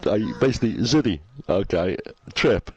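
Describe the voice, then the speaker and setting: A man's voice: lowish voice, lively intonation, moderate pace, dull audio. A man co-hosting a casual gaming chat, blunt and joking in his banter. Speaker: co-host.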